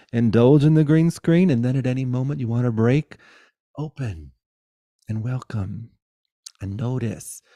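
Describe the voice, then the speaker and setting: A middle-aged man giving a guided spiritual talk over a video call, swinging between loud exclamations and soft, hushed musing, swearing playfully. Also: on the low side, creaky, dry recording. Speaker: spiritual teacher.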